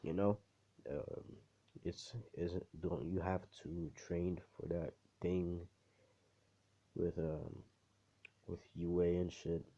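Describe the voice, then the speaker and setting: A man voicing a parent waking up a daughter, speaking in a halting, casual way. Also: low-pitched, little pitch movement, mellow, highs cut off, exaggerated voice. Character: a girl's parent waking her up.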